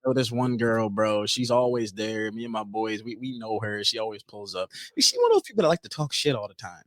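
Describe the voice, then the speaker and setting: A man co-hosting a casual podcast, telling a story in an animated way with lots of repeated words. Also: fairly low pitch, fairly quick, no room sound. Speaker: podcast co-host. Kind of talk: casual chat.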